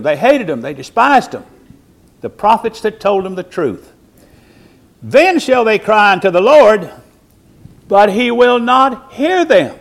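A male preacher, delivering a sermon with slow, deliberate emphasis, swinging from quiet, low lines to loud, high cries.

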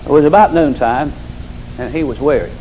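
Older preacher man, folksy and mellow. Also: medium pitch, a little fast, a little hiss or hum, low-quality recording. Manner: folksy storytelling, emphatic repetition. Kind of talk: sermon.

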